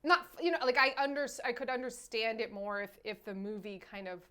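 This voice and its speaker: Animated, higher-pitched woman reviewing a film. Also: brisk, clean tone. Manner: animated, acts out quotes in silly voices. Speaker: podcast co-host, movie reviewer. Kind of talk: casual chat.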